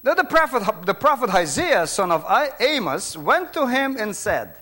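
Brief: middle-aged Brazilian-accented male pastor, high voice, emphatic sermon delivery with quiet asides. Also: big pitch swings, moderate pace. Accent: Brazilian Portuguese. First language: Portuguese. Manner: emphatic, swings between loud preaching and quiet asides.

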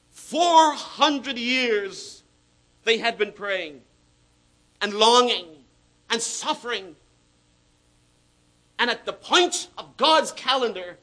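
A man preaching a sermon as pastor, swinging between loud emphatic bursts and hushed asides, stretching key words slowly for effect. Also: very high voice, rough recording.

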